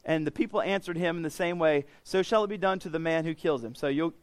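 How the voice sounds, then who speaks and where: A male preacher teaching through scripture, his voice sitting a touch high for a man. He talks in a loose, conversational way, paraphrasing the passage in everyday words and often restarting his phrases. The sound is close and dry, with no room echo. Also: fast. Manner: frequent restarts and repeated words. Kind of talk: sermon, Bible teaching.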